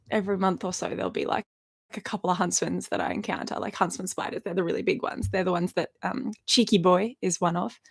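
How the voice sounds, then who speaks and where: A creaky, mid-range voice belongs to an Australian woman in her 30s, a YouTuber hosting a live stream from her bedroom at home. She chats casually, answers viewer questions, rambles, and laughs often.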